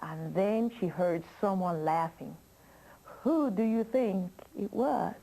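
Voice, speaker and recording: A woman telling a children's story slowly and expressively, asking listeners questions. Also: fairly low pitch, vocal fry, warm tone, poor audio.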